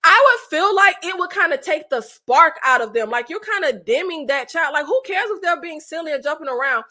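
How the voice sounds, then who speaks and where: A woman hosting her own channel, recapping a reality show in a blunt, animated, exasperated way with casual swearing. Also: sits high, brisk. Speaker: channel host reviewing reality TV.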